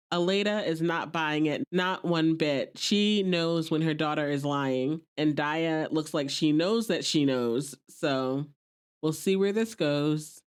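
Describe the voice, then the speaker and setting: A woman's voice: low-pitched, slow, clean tone. A woman hosting a podcast, chatting casually as she recaps an episode and quotes characters playfully.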